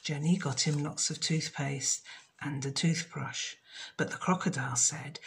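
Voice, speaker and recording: A woman reading a children's story aloud, slow and expressive. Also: low voice, creaky.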